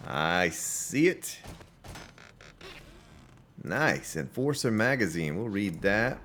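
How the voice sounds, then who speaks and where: Deep-voiced chatty male game streamer. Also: sing-song, slow, pauses often, a bit bright, slight background noise. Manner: chatty, greets viewers by name. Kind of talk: live-stream gameplay commentary.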